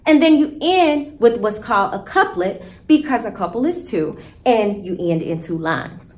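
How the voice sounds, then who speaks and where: A woman teacher giving a recorded virtual lesson, explaining step by step in a patient, deliberate way. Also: a little high, lively intonation, a little mellow, reverberant.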